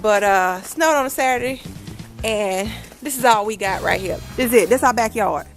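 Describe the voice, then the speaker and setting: With music playing behind her, this young mother and vlogger talks fairly quickly in a fairly high, lively voice. Filming her family in a snowy backyard, she keeps it casual, teasing the children and breaking into frequent laughter.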